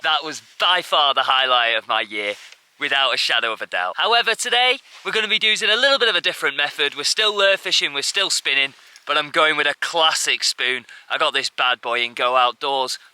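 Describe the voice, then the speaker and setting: A man's voice: mid-range voice, sharp tone, clean tone, dry recording. A man from the UK chatting enthusiastically to camera on a riverbank as a fishing vlogger. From United Kingdom. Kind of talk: casual outdoor vlog talk to camera. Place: outdoors on a riverbank.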